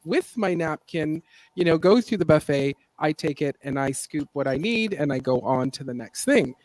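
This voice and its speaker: Animated woman chatting on a livestream. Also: sits low, moderate pace, no room sound. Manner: chatty, laughs often, animated retelling. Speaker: gardening livestream host. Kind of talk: casual live chat. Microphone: desk mic for livestream.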